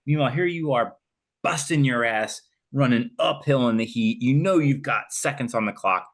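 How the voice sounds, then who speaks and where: A man co-hosting a podcast, telling stories in a lively, casual way and swearing freely. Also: mid-range voice, moderate pace. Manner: animated storyteller, swears casually. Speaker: podcast co-host. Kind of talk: casual chat.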